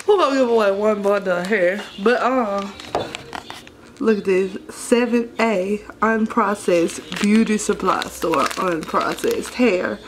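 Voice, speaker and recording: A woman's voice: mid-range voice, takes it slowly, noisy background. A woman in her twenties, chatting casually to her viewers in a loose vlog style. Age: 20s. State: out of breath at times. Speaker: vlogger.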